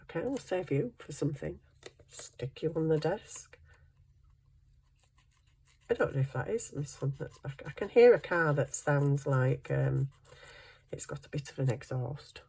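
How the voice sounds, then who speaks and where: Husky, slow-talking woman. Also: low voice, darkish tone. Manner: chatty, thinks aloud while working, self-deprecating. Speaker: craft vlogger. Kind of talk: casual chat while crafting.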